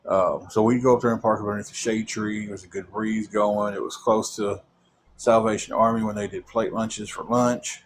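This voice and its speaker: A man's voice: lowish voice, fairly even intonation, normal speed, slight background noise. A young man telling a long personal story in a rambling way, with many fillers and repeated words.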